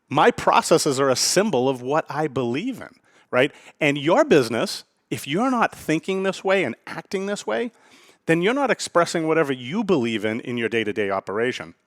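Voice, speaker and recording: Blunt, animated male podcast host. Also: medium pitch, no echo, studio quality. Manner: blunt, emphatic, repeats himself, swears. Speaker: podcast host and restaurant owner. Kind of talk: casual monologue.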